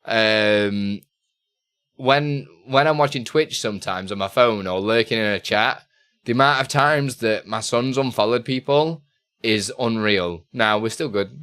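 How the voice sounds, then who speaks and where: A man's voice: mid-range voice, lively intonation, slow, fairly bright tone. A man chatting casually on a live stream, reading out chat questions and laughing often.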